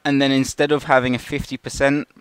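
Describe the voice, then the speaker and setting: A man's voice: mid-range voice, little pitch movement, fast talker, smooth, no room sound. A man casually talking through an animation shot as a tutor, restarting sentences as he explains. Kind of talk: live tutorial walkthrough.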